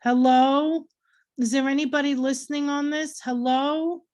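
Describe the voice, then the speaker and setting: Lady reading as a scared teen boy screaming for help on the radio, high and frantic. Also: moderate pace, dry recording, studio quality, natural voice. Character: panicked teenage boy alone in a plane.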